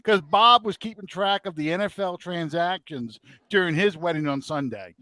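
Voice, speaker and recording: In a dry recording, a middle-aged podcast host with a high voice tells a story at normal speed. His casual chat is animated, and he performs the quotes he relates.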